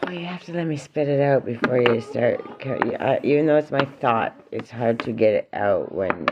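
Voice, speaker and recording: A man's voice: medium pitch, animated, normal speed, background noise. A man giving an earnest, emotional spiritual reflection at home, repeating phrases for emphasis. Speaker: parent and vlogger. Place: home with children nearby. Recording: dull lo-fi recording.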